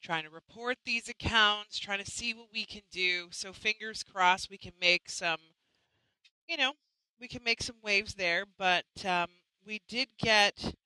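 A woman's voice: mid-range voice, sharp tone, clear, resonant tone, dry recording, rough recording. A woman hosting a live chat show, talking casually and chattily, often restarting and apologizing. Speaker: host.

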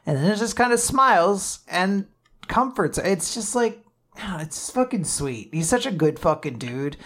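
A podcast co-host chatting casually about manga, animated and sweary, acting out the characters' lines. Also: mid-range voice, a little slow.

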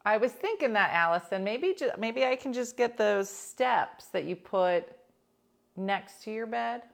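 A middle-aged woman hosting a radio show, chatting casually and telling animated stories. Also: on the high side, a little slow, vocal fry. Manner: animated storytelling, imitates voices in anecdotes. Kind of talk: casual chat.

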